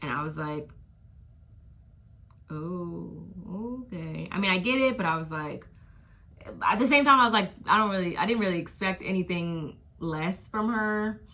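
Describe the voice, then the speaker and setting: A woman's voice: fairly low pitch, fairly quick, pushed and bright. A woman giving a casual, gossipy recap of a reality TV episode, full of slang and asides. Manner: gossipy, slangy, drifts into quoting people.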